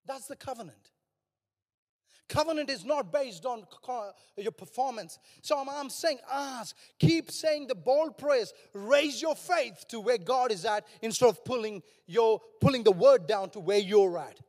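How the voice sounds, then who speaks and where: Older pastor guy preaching, really high voice, gets loud and fired up, big echoey church hall. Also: unhurried. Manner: passionate, rising to shouts. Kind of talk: sermon. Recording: long hall reverb.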